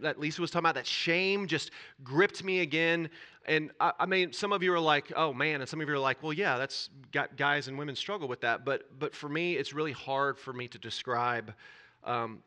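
A man shares a raw personal testimony before a church group. His voice is bright and forward, with hesitant restarts, sinking to near-whispers on the painful parts and lifting with energy when he is stirred. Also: mid-range voice. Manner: earnest, halting confession that drops to near-whispers and swells when stirred. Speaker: church speaker.

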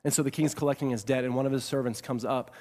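A man preaching a sermon as pastor, swinging between loud emphatic bursts and hushed delivery, repeating phrases for emphasis. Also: medium pitch, steady tone, quick pace. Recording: long reverb of a large hall.

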